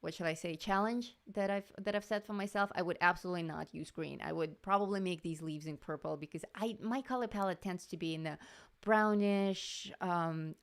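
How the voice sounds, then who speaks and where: A woman's voice: lowish voice, normal speed, clean tone. A woman hosting a live coloring stream, chatting casually with viewers, laughing often and greeting people in the chat.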